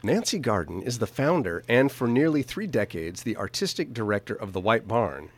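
A man's voice: on the low side, very animated, normal speed. A man hosting a talk show in a studio, joking, teasing his guests and laughing often. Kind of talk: playful studio interview and party game. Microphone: studio microphone.

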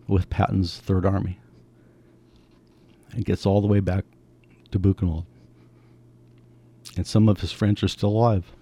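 An older man in his seventies with a low, gravelly voice tells a family story in conversation. His tone is dark and mellow, and he brings quoted people to life with animated voices. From United States.

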